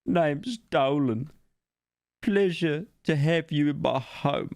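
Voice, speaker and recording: A man voicing an excitable, touchy male goose in a game, with a squeaky, overexcited manner. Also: takes it slowly, gravelly, no echo, studio quality. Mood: fussy.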